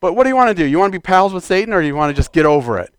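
A man preaching a fervent sermon in a church, exhorting the congregation and shouting declarations. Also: high-pitched, big pitch swings, rapid-fire, smooth, dry recording.

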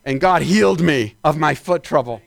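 A man preaching a sermon as pastor, climbing into shouted peaks and then dropping into quick asides. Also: fairly high pitch, animated, creaky.

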